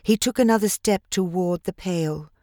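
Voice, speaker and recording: A woman narrating a children's storybook in a measured, gentle, expressive way. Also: fairly low pitch, dry recording, studio quality. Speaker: audiobook narrator.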